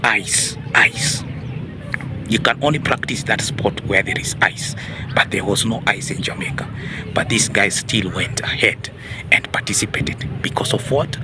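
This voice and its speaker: A low-leaning male voice, with some background noise, carries a video host's moralizing monologue of opinions. He asks his audience rhetorical questions, returning again and again to "ladies and gentlemen" and "huh?"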